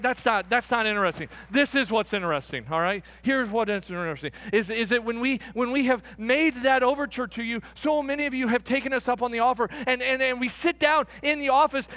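A man preaching a sermon as pastor, emphatic and repetitive, calling the congregation friends, building to excited shouts and then dropping to a quiet, close tone. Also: very high-pitched, dry recording. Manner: emphatic, repeats phrases, addresses the congregation as friends. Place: church sanctuary.

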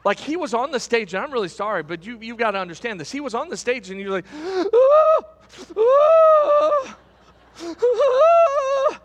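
A middle-aged male pastor delivers a sermon in a strikingly high voice. His pitch leaps around as he tells the story, restarting phrases as he builds. The sound rings out with the long reverb of a large hall. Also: quick pace, hardly any pauses. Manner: animated storytelling, repeating words as he goes.

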